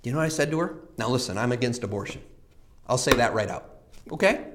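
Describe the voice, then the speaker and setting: A man's voice: mid-range voice, lively intonation, quick pace, background noise. A man preaching a sermon, telling a personal story with earnest repetition and frequent rhetorical questions.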